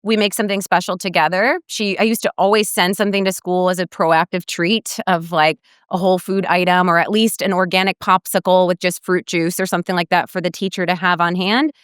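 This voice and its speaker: Woman guest dietitian, middle-aged, animated storyteller; clear, crisp voice. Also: on the low side, brisk, hardly any pauses, no room sound, clean studio sound. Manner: warm storytelling, animated quoting of others. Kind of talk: podcast interview.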